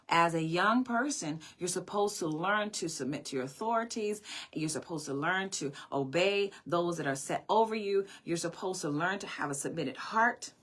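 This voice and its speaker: A woman's voice: on the low side, a bit bright. A woman telling a personal story in a sermon, earnest and reflective, often repeating her phrases. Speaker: speaker. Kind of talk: sermon-style personal testimony.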